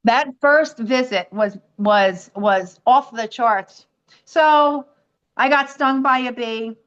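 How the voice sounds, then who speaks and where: A woman's voice: fairly high pitch, takes it slowly, lo-fi sound. A woman from the United States, a podcast guest telling a personal story and acting out the voices of other people. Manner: animated storytelling, acts out quoted voices.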